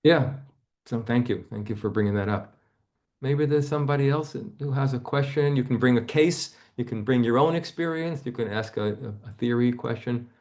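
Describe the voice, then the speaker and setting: A man teaching a seminar, gently guiding a volunteer through a body-focused therapy exercise over a video call, often dropping to a hush. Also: mid-range voice, moderate pace.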